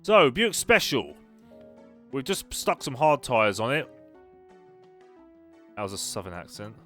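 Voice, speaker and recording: A man's voice: mid-range voice, sing-song, unhurried, a bit bright, soft background music. A young man casually commenting on his racing game as he plays on a live stream, chatting and answering his viewers as he goes. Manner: chatty, reads and answers chat while playing. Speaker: gaming streamer.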